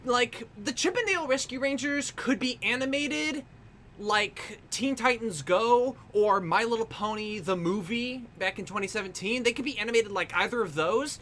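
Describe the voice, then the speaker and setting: Streamer artist, casual drawing-stream chatter, rambles and swears, bright forceful tone. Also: medium pitch, normal speed, a little hiss or hum. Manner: rambling, swears freely, laughs often, restarts lots. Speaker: artist livestreaming while drawing.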